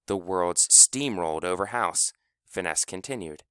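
A man reading a story aloud as narrator, lively and expressive, acting out characters. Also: on the low side, unhurried, smooth, dry recording, clean studio sound. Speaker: audiobook narrator. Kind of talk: scripted narration.

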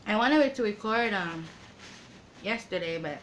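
A woman chatting casually to her viewers in an eating vlog, slow and halting, with many pauses and fillers. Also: mid-range voice, expressive, slight background noise, low-quality recording. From Guam. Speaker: mukbang vlogger.

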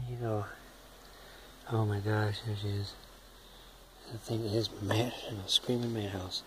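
Casual man, lower voice, fond teasing chatter to his pets, phone recording with a noisy background. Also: little pitch movement, a little slow, pauses often. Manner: talks fondly to his hissing roaches, teasing baby talk. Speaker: hobby bug keeper. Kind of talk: casual handheld pet video.

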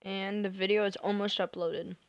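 A young woman chatting casually to herself and her viewers while streaming a game, thinking out loud. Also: medium pitch, flat delivery, moderate pace, dull audio. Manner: chatty, thinks aloud, self-talk with little sing-song bits. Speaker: gamer streaming live.

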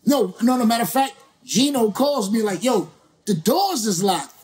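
A male rapper as a guest, telling a story in a lively, slangy, profane way and acting out other people's lines. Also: extremely high pitch, normal speed, husky. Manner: slangy, profane, acts out quoted voices. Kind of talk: animated storytelling.

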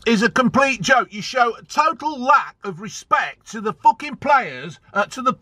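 A man's voice: very high voice, expressive, normal speed, pushed and bright, no echo. A man ranting angrily as a football fan vlogger, swearing a lot and repeating himself for emphasis. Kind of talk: angry ranting vlog.

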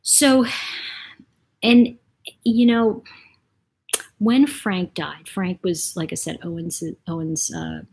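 Husky-voiced woman chatting on a livestream. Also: on the low side, lively intonation, slow pace, pauses often, a little mellow, poor audio. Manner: chatty, rambling, laughs often. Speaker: livestream host reading viewer comments. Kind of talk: casual live-stream chat.

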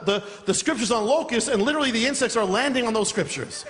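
Preaching a sermon, a man with an extremely high voice tells a funny story at speed, barely pausing and laughing as he goes. His energetic, animated delivery rings through the long reverb of a large hall.

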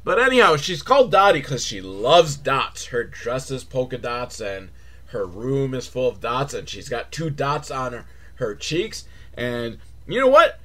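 A man recapping a movie as comedy, sarcastic and swearing, switching from flat muttering to shrill mock excitement. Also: measured pace. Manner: sarcastic, swears, mocking kid-show cheer. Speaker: movie reviewer.

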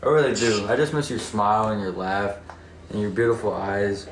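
A woman's voice: a bass voice, a little fast. A woman hosting a livestream, chatting casually and affectionately, teasing and swearing now and then. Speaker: livestream host. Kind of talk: casual chat. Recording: echoey room, mic at a distance, noisy.

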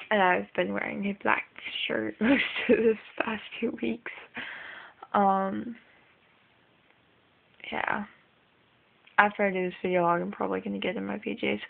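A woman's voice: medium pitch, vocal fry, narrow, tinny audio, a little hiss or hum. A young woman rambling casually in a video diary, chatty and full of ums. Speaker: vlogger.

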